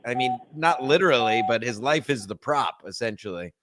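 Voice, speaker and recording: Joking, animated podcast co-host man. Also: mid-range voice, normal speed, background noise. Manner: joking, hesitant, full of fillers. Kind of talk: casual podcast chat.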